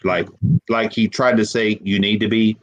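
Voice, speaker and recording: A man as an interview guest telling a personal story, emotional and halting, repeating words as he holds back tears. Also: fairly low pitch, flat delivery, rough recording. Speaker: guest paranormal investigator.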